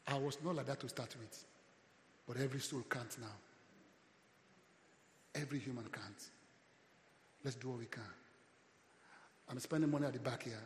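Nigerian pastor preaching in an echoey hall. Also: male voice, mid-range voice, slight background noise. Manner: preaching with call-and-response, loud swells. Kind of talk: sermon.

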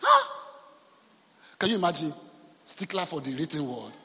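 A man with a Nigerian accent preaching a sermon, telling a story in an animated way and mixing in Yoruba phrases. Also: fairly high pitch, moderate pace, long reverb tail. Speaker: pastor. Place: church hall.

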